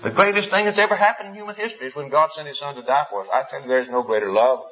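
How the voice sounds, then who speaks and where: A man's voice: fairly high pitch, racing, highs cut off. A male preacher delivering an impassioned sermon, full of rhetorical questions and sweeping rises and falls.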